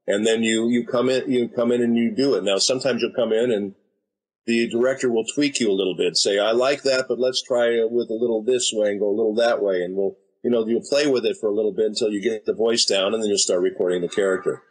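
American man, 50s, husky low voice, easygoing storyteller, interview guest. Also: steady tone, fast, a little mellow, poor audio. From United States. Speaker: voice actor and director guest. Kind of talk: casual interview talk.

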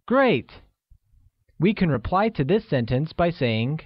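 A man narrating a scripted language lesson in a slow, deliberate and upbeat way, often pausing to praise the learner. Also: on the high side, animated, no echo. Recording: dry, dull lo-fi studio audio.

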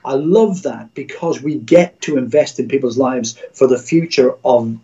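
A man's voice: mid-range voice, normal speed, dark tone. Earnest preaching man on dull audio. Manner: earnest, preacher-like exhortation with repeated phrases. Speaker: Christian radio executive guest. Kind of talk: livestream interview.

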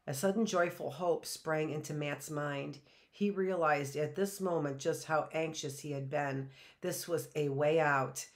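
A woman teacher reading a children's story aloud, slow and deliberate. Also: low voice.

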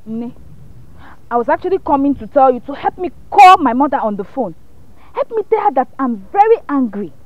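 Upset sister. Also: female voice, high-pitched, sing-song, a little fast, dry recording, highs cut off. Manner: complaining. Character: upset young sister angry at her mother. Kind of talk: film drama.

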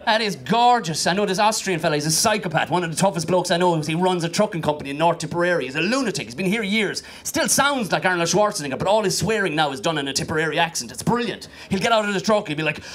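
A man's voice: sits high, animated, fast talker, a bit bright, a little hiss or hum. A young Irish man doing a stand-up comedy set. He talks with energy, swears freely and acts out the voices of the people in his stories. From Ireland.

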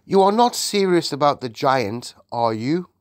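A man voicing an elderly queen in a storybook reading, sharp, clipped and commanding. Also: fairly high pitch, expressive, measured pace, no echo, clean studio sound, voice pushed up. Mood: composed. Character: regal elderly queen, composed but shaken.

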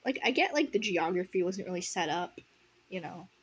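Sarcastic woman with a husky, lively voice. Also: on the low side, a little fast. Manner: sarcastic, laughs often, unscripted. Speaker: audiobook reader and commentator. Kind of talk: casual read-aloud with joking commentary.

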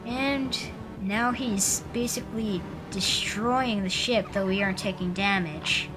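A woman giving casual commentary on a video game, rambling and halting with lots of fillers. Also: mid-range voice, over music, low-quality recording. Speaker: let's player.

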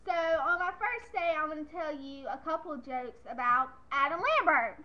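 A woman's voice: high voice, lively intonation, moderate pace. A young woman vlogging casually to camera, chatty and giggly, rambling from one thing to the next, on lo-fi webcam audio.

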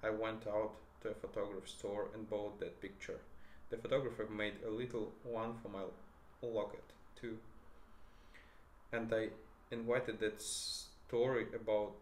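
A man's voice: on the low side, flat delivery, close to an everyday voice. A man reading the lines of a shy, emotional young woman, in an echoey room. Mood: tearful. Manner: reads her lines close to his own voice, halting slips. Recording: echoey room, faint noise.

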